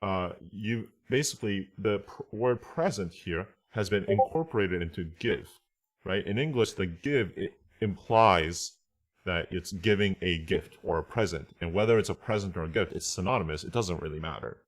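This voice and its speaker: A man with a deep voice teaches translation in a laid-back online lesson, taking each point slowly. He reads Japanese phrases out loud and often asks "right?" or "okay?" to make sure everyone follows.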